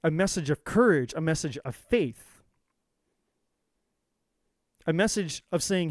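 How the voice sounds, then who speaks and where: A man's voice: a little high, lively intonation, slow, pauses often, dry recording, studio quality. A man giving an intense, profane motivational monologue as a tarot reader, hammering his points with repetition.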